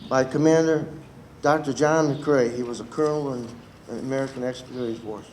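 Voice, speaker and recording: A man serving as a veterans' post commander, giving an unscripted ceremony speech and reading a poem. He talks haltingly and gets choked up. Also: medium pitch, darkish tone, a little hiss or hum. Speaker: American Legion post commander. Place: outdoor public ceremony.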